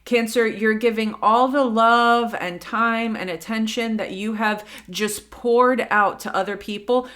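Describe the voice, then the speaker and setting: A woman's voice: fairly high pitch, steady tone, a little slow, few pauses, fairly bright tone. A woman giving a casual, chatty tarot reading to her viewers, with many fillers, who acts out little quotes. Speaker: tarot reader.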